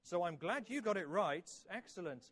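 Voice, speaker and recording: A man's voice: high-pitched, animated, normal speed, fairly bright tone. A man in his fifties telling a children's story in church, asking the kids questions and praising their answers. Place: church hall.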